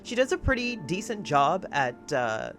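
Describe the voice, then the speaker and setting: A woman's voice: on the low side, sing-song, a little slow, fairly bright tone, faint music behind. Gushing, giggly woman reacting to anime. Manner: gushing and giggly, laughs often. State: emotional, close to tears. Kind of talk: excited reaction commentary.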